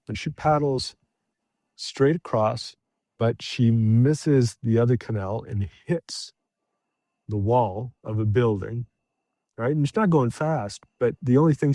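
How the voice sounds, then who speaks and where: A middle-aged man appears as a podcast guest and tells a travel story casually, full of fillers and restarts. He is an animated storyteller who acts out shouted quotes, speaking at a medium pitch with no room sound.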